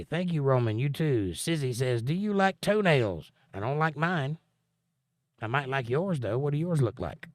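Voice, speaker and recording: Here a man with a medium pitch runs a livestream, voicing viewers' comments and replying to each with dry sarcasm. The audio carries no room sound.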